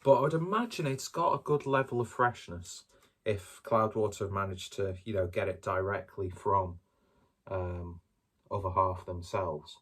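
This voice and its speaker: A man's voice: sits low, normal speed, a bit bright, breathy edge. A man doing a casual solo beer review, talking in a rambling, hesitant and self-deprecating way.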